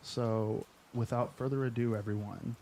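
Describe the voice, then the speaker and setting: A man's voice: medium pitch, steady tone, moderate pace, mellow. A man hosting a live stream, chatting casually and heaping eager praise on his guest. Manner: enthusiastic, effusive praise.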